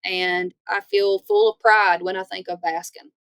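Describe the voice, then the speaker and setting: A young woman from Northeast Louisiana with a Southern accent, chatting as an interview guest and telling stories in a lively way. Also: lowish voice, measured pace, smooth, no room sound. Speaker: guest, country singer. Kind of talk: casual interview chat.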